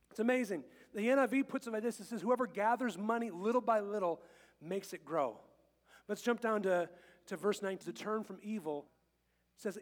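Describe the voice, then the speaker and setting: Chatty joking pastor man, high voice. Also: fairly quick, long reverb tail. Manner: chatty and joking, quotes scripture, acts out little scenes. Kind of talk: casual humorous sermon. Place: church sanctuary.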